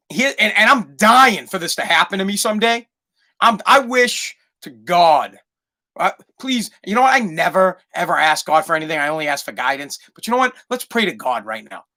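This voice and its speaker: A man's voice: high voice, sharp tone. A man hosting a solo podcast, ranting in a profane, emphatic way. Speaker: podcast host.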